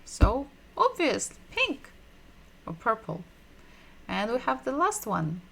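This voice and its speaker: A woman giving a livestreamed language lesson, patiently repeating sounds and words slowly so learners can drill them. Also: on the high side, wildly swooping pitch, vocal fry, fairly bright tone. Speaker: Russian language teacher.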